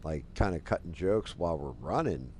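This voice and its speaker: A game streamer in his forties tells a long, rambling story while he plays, his deep, expressive voice a little fast and a little mellow over slight background noise. Loose and casual, he leans heavily on "like" and other fillers.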